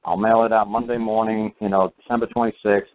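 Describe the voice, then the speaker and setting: A man's voice: lowish voice, level tone, a little fast. A man telling a long story in a casual, rambling way, full of fillers and restarts. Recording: tinny phone line.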